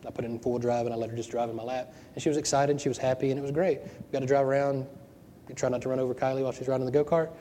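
A male pastor delivers a sermon in a relaxed, conversational way, tossing out rhetorical questions and doubling back on his words. His voice is mellow and dark, picked up by a worn microphone, and it rings with the long reverb of a big hall. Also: mid-range voice, very fast, slight background noise. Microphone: wearing a microphone.

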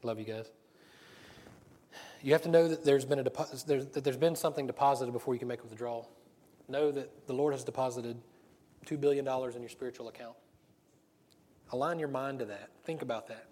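A middle-aged man preaching in a loose, conversational way, breaking into laughs and restarting his sentences. His delivery moves quickly. His voice sits at an ordinary middle pitch for a man. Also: fairly even intonation, mellow. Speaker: pastor. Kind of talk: sermon.

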